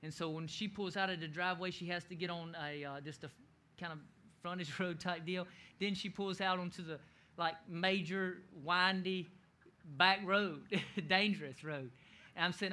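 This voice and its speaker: Animated, bright-voiced male preacher. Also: high voice, moderate pace. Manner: animated, laughing storyteller who shouts quoted lines. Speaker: pastor. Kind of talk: sermon storytelling.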